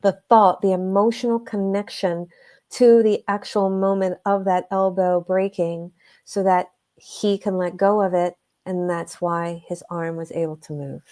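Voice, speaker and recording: A woman with a mellow, warm voice talks through a client story in an unhurried way. She is earnest and emphatic, and she leans into key phrases as a healer explaining her work. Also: on the low side, fairly even intonation. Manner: earnest, emphatic, slows down to stress points. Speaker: guest, energy healer. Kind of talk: conversational storytelling.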